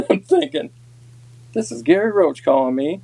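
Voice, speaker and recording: A man's voice: sits high, wildly swooping pitch, measured pace, vocal fry, mellow, husky. A man, a former tournament angler, telling a long, rambling story in a casual podcast chat, folksy and full of ums. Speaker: podcast guest, former walleye tour pro.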